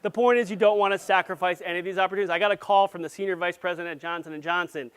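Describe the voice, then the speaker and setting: A man giving a live conference presentation, playful and jokey, with quick asides to the audience. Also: sits high, smooth. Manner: grows loud and excited as he goes. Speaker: conference speaker.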